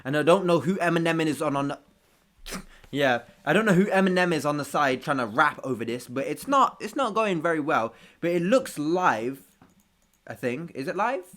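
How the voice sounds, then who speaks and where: A man's voice: fairly high pitch, expressive, moderate pace, a bit bright. A man with street hosting a reaction video, ranting casually with profanity and self-mocking jokes.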